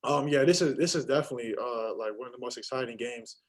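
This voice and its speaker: A young man, a college basketball player, answering postgame press questions in a halting way with many fillers and restarts. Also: mid-range voice, rough recording. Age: young adult.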